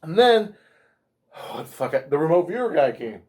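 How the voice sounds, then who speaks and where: A man telling a story as an interview guest, profane and animated, swearing constantly. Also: fairly high pitch, normal speed. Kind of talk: casual storytelling.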